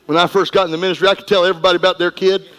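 A middle-aged man preaching a sermon, folksy and emphatic, going from quiet asides to shouting. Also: high-pitched, flat delivery, rapid-fire, poor audio. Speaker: pastor.

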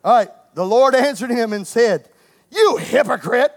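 A man preaching a sermon as pastor, lively and playful with the congregation, rising to shouts. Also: very high voice, normal speed, slight background noise.

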